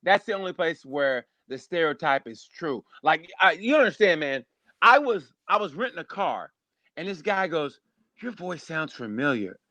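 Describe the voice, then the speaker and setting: A man, a stand-up comedian, telling stories in a rambling, animated way during a casual podcast chat. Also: on the high side, moderate pace, no room sound. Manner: animated, rambling storyteller, acts out voices.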